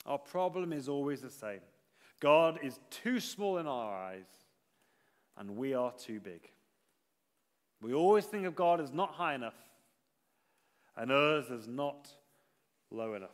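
A man preaching a sermon in an earnest manner, rising to emphatic repetition and then dropping low. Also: lively intonation, unhurried, long pauses, long reverb tail.

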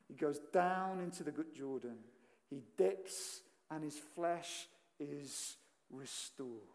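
A preacher giving a sermon, emphatic, swinging from loud declarations to hushed, quiet lines. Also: medium pitch. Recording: long reverb in a large hall.

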